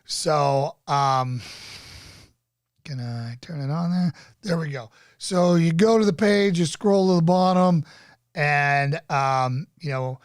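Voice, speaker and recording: A man's voice: a little high, slow pace, no echo, studio quality. A man hosting a casual live-stream chat, laid-back and rambling with lots of fillers. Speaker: podcast host.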